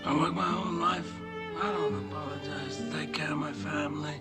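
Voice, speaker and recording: An actor playing a grave older crime-family boss in a film, speaking in a measured way with a loud orchestral score behind him. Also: male voice, a little high, fairly even intonation, loud music behind the voice, close to an everyday voice. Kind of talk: film drama dialogue.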